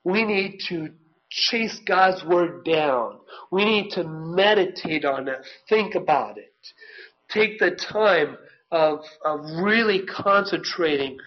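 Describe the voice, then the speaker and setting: A male preacher with a high voice delivers a sermon at an unhurried pace, earnest and plainspoken. The recording sounds dull and lo-fi. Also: animated, slight background noise. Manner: earnest, reads scripture aloud, self-corrects.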